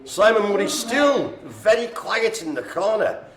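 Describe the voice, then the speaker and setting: A man's voice: high voice, sing-song, measured pace. Jokey guy calling bingo, bouncy voice, echoey room. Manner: chatty, joking, playful asides. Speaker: bingo caller. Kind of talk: live bingo calling with jokes. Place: room with residents in a care home.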